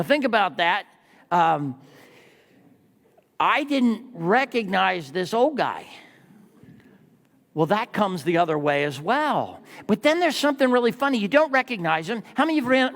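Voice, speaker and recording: A man in his sixties preaching from the pulpit with a high, lively voice that swings up and down as he tells stories. He keeps turning to the congregation with rhetorical questions. The sound carries a long church reverb. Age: 60s. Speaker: pastor. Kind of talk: sermon. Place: church sanctuary.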